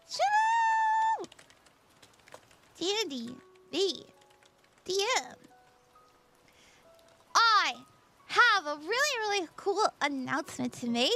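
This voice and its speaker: A woman hosts a casual tarot livestream just after waking up, bubbly and quick to giggle as she greets her chat. Her voice sits very high and swoops around a lot, with a bright edge. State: just woke up.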